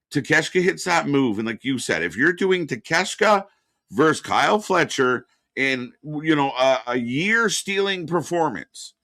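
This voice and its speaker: Casting: opinionated male stream co-host, bright forceful tone, very dry close mic. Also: medium pitch, dry recording. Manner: blunt, opinionated, swears freely. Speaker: co-host of a wrestling watch party stream. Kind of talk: casual live-stream chat.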